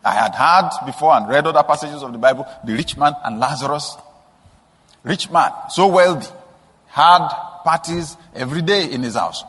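A man preaching a sermon, telling stories with soft asides and sudden emphatic rises. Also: on the high side, moderate pace, slightly rough. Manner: storytelling with rising emphatic bursts and soft asides. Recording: long hall reverb.

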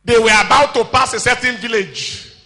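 A man preaching a sermon, swinging between shouted declarations and low, quiet asides, often calling out questions to the congregation. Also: normal speed, big-room sound.

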